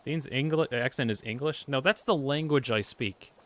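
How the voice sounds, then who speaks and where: A man's voice: mid-range voice, normal speed, a bit bright. A man streaming a video game, chatting casually and rambling as he reacts to his chat. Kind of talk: casual gameplay commentary.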